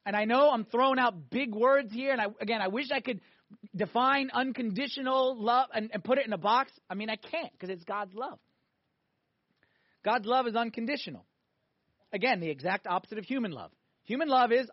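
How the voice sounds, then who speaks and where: Male priest, high voice, animated sermon, dull dry lo-fi recording. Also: moderate pace, no echo. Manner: animated preaching, swinging between loud emphatic peaks and quiet asides.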